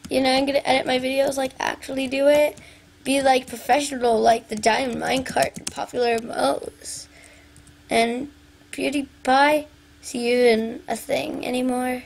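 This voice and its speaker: High-voiced young woman playing a game. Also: flat delivery, moderate pace, gravelly, a little hiss or hum. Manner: chatty, sings along to pop songs, talks to viewers. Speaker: gaming video maker. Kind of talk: casual gameplay commentary.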